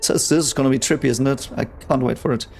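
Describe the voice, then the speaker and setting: A young man reacting to a sci-fi series episode in casual commentary, excitable and swearing a lot. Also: mid-range voice, fast, gravelly, slight background noise. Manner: excitable, swears a lot, talks over the show. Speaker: reaction video host.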